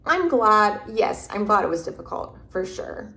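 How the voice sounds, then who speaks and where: A woman guest telling a personal story in an interview, halting and restarting often as she searches for words. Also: mid-range voice, sing-song, sharp tone. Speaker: podcast guest. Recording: roomy echo.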